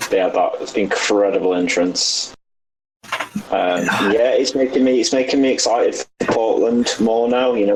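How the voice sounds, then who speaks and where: A man co-hosting a podcast in casual chat, talking hesitantly and filling pauses. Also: lowish voice, slight background noise, poor audio. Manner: hesitant, lots of ums and uhs. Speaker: podcast co-host.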